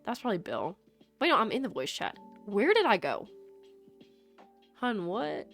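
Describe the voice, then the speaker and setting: A woman's voice: medium pitch, very animated, normal speed, fairly bright tone, soft background music. Chatty joking young woman streamer. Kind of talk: casual live-stream chat.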